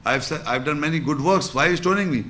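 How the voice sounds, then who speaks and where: A man's voice: on the high side, a bit bright. A man giving an Islamic religious lecture, explaining scripture with repeated phrases and rhetorical questions. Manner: recites Arabic verses quickly.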